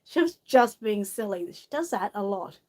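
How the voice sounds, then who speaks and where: A woman's voice: medium pitch, expressive, moderate pace, darkish tone. An Australian woman hosting a casual live stream, reading viewer comments aloud and coaxing a doll in a fond sing-song voice, laughing often. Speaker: vlog host.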